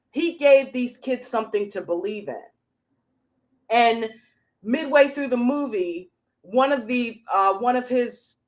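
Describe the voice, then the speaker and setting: A woman hosting a casual motivational livestream, talking in an emphatic, chatty storytelling way. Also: mid-range voice. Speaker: motivational show host.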